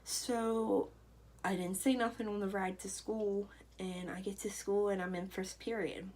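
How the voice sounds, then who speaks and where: A woman's voice: mid-range voice, steady tone, measured pace, a little mellow, a little hiss or hum, low-quality recording. A young woman telling a personal story to camera in a loose, chatty way, full of fillers. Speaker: vlogger.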